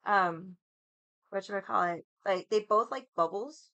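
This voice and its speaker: Woman streamer, chatty and profane, rambling delivery, dry close sound, mid pitch. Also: slow pace, long pauses, pushed and bright, smooth, dry recording. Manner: profane, rambling, heavy use of "like". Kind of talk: casual storytelling chat.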